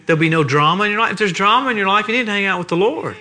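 A man preaching a sermon in a church, telling stories with animated, laughing energy. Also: high-pitched, rapid-fire.

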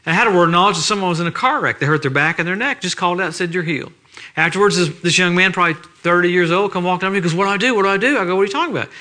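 Bright, high-voiced animated male preacher. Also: rapid-fire. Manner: animated, laughing storyteller. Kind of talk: sermon. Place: church.

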